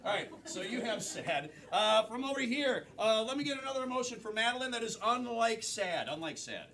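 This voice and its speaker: A man's voice: high voice, very animated, brisk. An American man hosting a live improv comedy show, upbeat and emphatic as he sets up the games. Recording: live show with crowd and noise.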